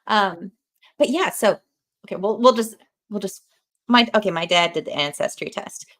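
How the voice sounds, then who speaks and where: A woman hosting a casual podcast chat, animated and laughing often as she tells stories. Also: medium pitch, normal speed. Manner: animated, laughs often, talks with her hands. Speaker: podcast host.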